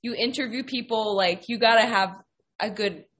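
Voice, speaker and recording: A woman's voice: a little high, moderate pace, a bit bright, slight background noise. A woman athlete guesting on a podcast, chatting casually and modestly with frequent laughter. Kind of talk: casual interview chat.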